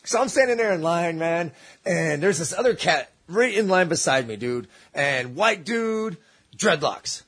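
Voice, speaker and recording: A man telling a story in casual chat, animated and swearing, acting out voices. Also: fairly high pitch, a little slow. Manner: animated, swearing, acts out voices in his stories.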